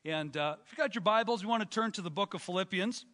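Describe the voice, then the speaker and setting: A man's voice: high-pitched, fast talker, fairly bright tone, big-room sound. A man preaching a sermon as pastor, slightly out of breath, emphatic and rising as he reads scripture aloud in a church. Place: church sanctuary.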